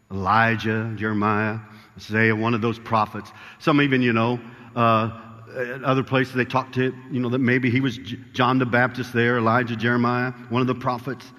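A man of middle pitch preaches an evening sermon in a church sanctuary. He moves from reading scripture aloud to pressing his points with growing emphasis. His voice trails off into a long reverb from the hall. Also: fairly bright tone.

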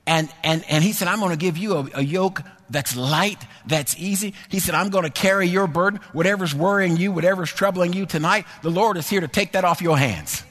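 A man delivers a sermon in a church, his voice a touch high and husky. He repeats lines in a rolling, sing-song rhythm and climbs into shouts. A long reverb from the hall trails each phrase. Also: a little fast, hardly any pauses. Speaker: preacher. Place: church sanctuary.

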